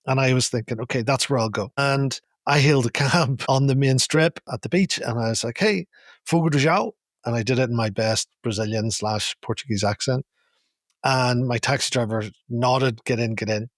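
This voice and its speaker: A man's voice: medium pitch, dry recording, clean studio sound. Man telling a funny story with laughs. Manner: animated, laughing while telling stories. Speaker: podcast co-host. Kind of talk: casual storytelling chat.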